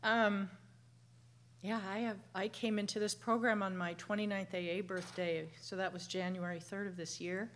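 Emotional woman in her fifties, halting. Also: medium pitch, steady tone, a little hiss or hum. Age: 50s. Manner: halting, emotional, many fillers and restarts. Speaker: meeting member sharing. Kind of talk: personal share at a recovery meeting. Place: meeting room.

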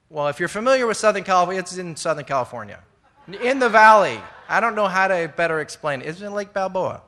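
A middle-aged man speaks to a room of fellow members with a bright, ringing voice pitched a bit high. He rambles through his story with fillers and false starts. He stays earnest and now and then laughs at himself. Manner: rambling, conversational, many fillers and restarts. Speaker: speaker sharing at a recovery meeting. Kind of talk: personal recovery share to a live audience. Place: indoor meeting room with an audience.

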